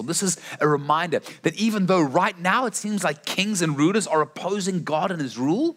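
A man's voice: on the high side, lively intonation, a little fast, hardly any pauses, fairly bright tone. A man preaching a sermon in an earnest storytelling way, often restarting his phrases.

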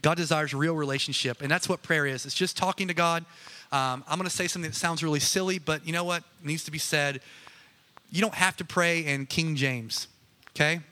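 A man's voice: a little high, fairly quick, sharp tone. A man preaching a casual, conversational sermon, chatty and joking with many asides. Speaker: pastor.

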